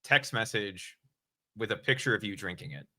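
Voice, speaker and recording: A man's voice: on the low side, animated, normal speed, pushed and bright. A man co-hosting a podcast, chiming in with short, dry, teasing remarks. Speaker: podcast co-host. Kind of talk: casual podcast chat.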